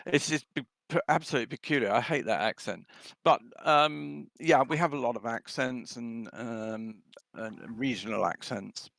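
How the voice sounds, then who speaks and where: A man's voice: medium pitch, moderate pace, vocal fry, fairly bright tone, no room sound. Chatty older London man on a call. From London, England. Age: 70s. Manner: chatty, hesitant with many ums. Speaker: guest speaker. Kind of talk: casual chat on a video call.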